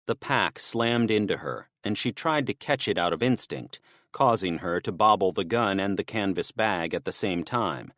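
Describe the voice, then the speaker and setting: A man narrates a scripted audiobook, his voice sitting low and his delivery steady and measured. The audio is clean studio sound with no room sound.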